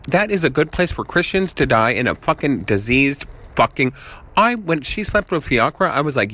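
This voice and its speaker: A fairly low-voiced man unloads an angry, profane rant, cursing nearly every line and leaping from one idea to the next. His voice keeps jumping sharply higher and louder as the rant runs on. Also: expressive, a little fast. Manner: angry, swearing constantly, jumping between ideas; voice repeatedly jumps higher and louder mid-rant. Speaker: voice message sender.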